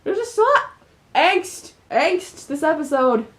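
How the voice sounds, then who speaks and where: A woman's voice: high voice, very animated, slow pace. A woman hosting a let's play, reacting expressively to a story game. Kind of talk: gameplay commentary.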